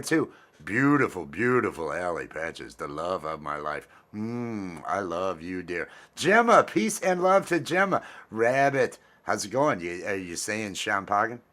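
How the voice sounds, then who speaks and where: A man's voice: fairly high pitch, a bit bright. A man hosting a casual livestream vlog, rambling cheerfully and repeating his phrases as he chats with viewers. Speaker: vlog host.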